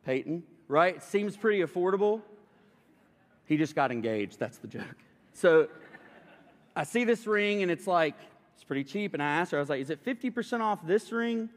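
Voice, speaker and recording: A man's voice: on the high side, lively intonation, normal speed. A young man preaching a sermon, telling a humorous personal story to the congregation in a casual, chatty way. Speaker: pastor. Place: church sanctuary. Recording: long reverb of a church hall.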